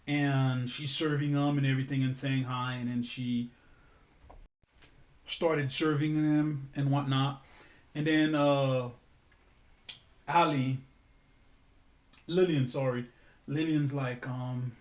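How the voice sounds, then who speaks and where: A man's voice: medium pitch, fairly even intonation, slow, pauses often. A man telling an improvised story in a casual, rambling way, correcting himself and swearing now and then.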